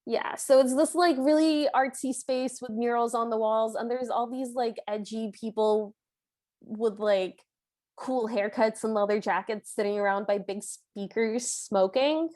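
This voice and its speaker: A woman with a slightly high voice recaps a film on a podcast. She talks casually, stringing her thoughts together with plenty of filler words. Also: fairly even intonation, unhurried, darkish tone. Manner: chatty, filler-heavy storytelling with frequent "like". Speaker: podcast co-host.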